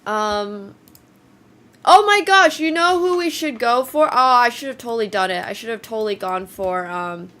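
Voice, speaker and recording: In a fairly high, bright, forceful voice with lively intonation, a woman streamer talks at a moderate pace. She's a little congested and shaky as she casually rambles to viewers, thanking people along the way.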